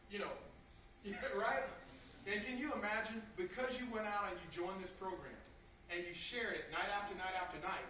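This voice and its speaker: A man's voice: sits high, bright, forceful tone, a little hiss or hum. A man giving an emotional motivational talk to a live audience, telling stories and asking the crowd questions. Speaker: motivational speaker. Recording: echoey room, far from the mic.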